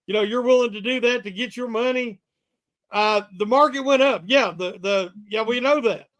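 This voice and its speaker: A man with an unusually high voice gives his take on a sports podcast. He talks in a measured, halting way, padding his thoughts with fillers. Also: fairly bright tone. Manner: measured, hesitant, with many fillers. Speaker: podcast co-host. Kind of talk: casual sports debate.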